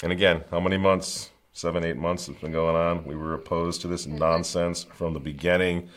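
A man's voice: deep voice, level tone, normal speed. A man hosting a political commentary show, fiery and sarcastic, with mocking chuckles.

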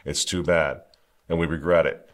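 A man's voice: a bass voice, fairly even intonation, moderate pace. A man hosting a political commentary show, fiery and sarcastic, with mocking chuckles.

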